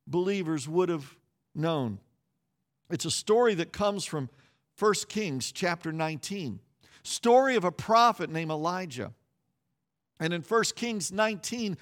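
High-voiced man preaching a lively sermon. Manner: animated storytelling with quoted voices and repeated phrases; frequent restarts and repeated words. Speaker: pastor.

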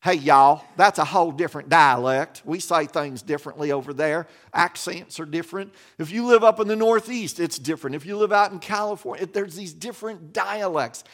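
A pastor with a high voice preaches in an easygoing, conversational way. He grew up in West Virginia and talks with folksy asides and plenty of restarts. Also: a little fast, few pauses, fairly bright tone. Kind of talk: sermon.

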